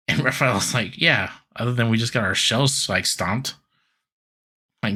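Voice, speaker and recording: Husky, punchy man recapping a cartoon. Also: on the low side, normal speed, pushed and bright. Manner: loose, laughing, heavy filler talk. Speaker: podcast co-host. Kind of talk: casual chat recapping a cartoon episode.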